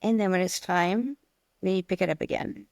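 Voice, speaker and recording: Brief: woman co-host, chatty storyteller, mid pitch leaning low, dry close mic. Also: normal speed, vocal fry, no room sound. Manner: chatty, animated storytelling with acted-out quotes. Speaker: podcast co-host, stained glass teacher. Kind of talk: casual chat.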